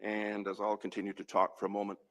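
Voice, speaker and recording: A man's voice: on the low side, monotone, fast, fairly bright tone, poor audio. An older man, a physician, giving earnest, emphatic testimony at a public hearing. He is a little out of breath and repeats key points for stress.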